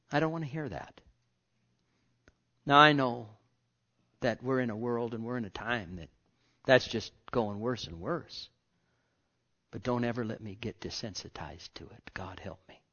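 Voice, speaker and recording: A man preaching a sermon as pastor, impassioned, moving from loud outbursts to hushed whispers. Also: medium pitch, highs cut off.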